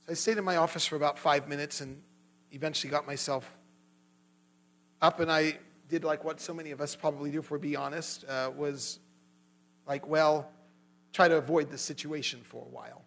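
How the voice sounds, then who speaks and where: A man giving an earnest sermon to a small gathering, telling a personal story and growing animated when he retells an argument. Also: fairly high pitch, fairly quick, gravelly, rough recording. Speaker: lay preacher.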